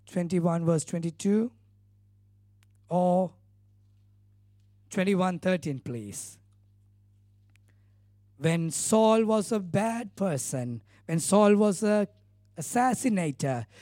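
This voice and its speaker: Earnest preacher man with a high, mellow voice. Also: expressive, slow pace, long pauses, no echo, clean studio sound. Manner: earnest, emphatic storytelling with repeated phrases. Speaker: pastor. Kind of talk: sermon.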